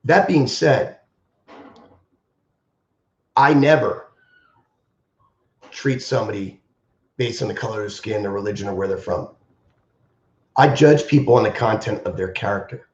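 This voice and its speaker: A man's voice: on the low side, a little slow, long pauses, a little mellow. A man who teaches martial arts, speaking on a live stream in an impassioned, emphatic way and repeating his key phrases. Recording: roomy, dull lo-fi stream audio.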